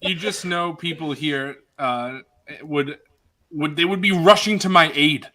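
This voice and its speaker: A man's voice: a little high, unhurried, pushed and bright. A young man from New York with a mild New York accent, co-hosting a livestream and telling stories in a chatty, stumbling way. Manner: chatty storyteller, stumbling over words. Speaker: co-host. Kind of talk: casual livestream chat.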